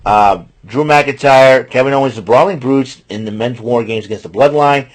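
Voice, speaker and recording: A man's voice: medium pitch, moderate pace. Male host, casual solo wrestling recap, rambling and chatty. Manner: rambling, chatty, restarts and fillers.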